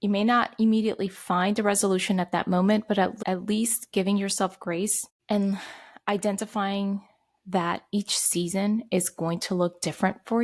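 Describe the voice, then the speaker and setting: A middle-aged woman hosting a podcast, speaking heartfelt and gently advising on self-care. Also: medium pitch. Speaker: podcast host. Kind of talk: personal self-care talk.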